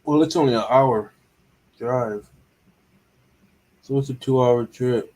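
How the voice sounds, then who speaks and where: A man's voice: medium pitch, slow pace, darkish tone. A man on a casual late-night livestream chat, talking loosely, swearing, and laughing often.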